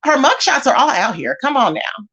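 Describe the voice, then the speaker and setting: A woman's voice: high voice, moderate pace, husky, highs cut off. A woman hosting a livestream, reading chat comments and calling people out in casual commentary. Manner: animated, talks straight to chat and calls people out. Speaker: livestream host.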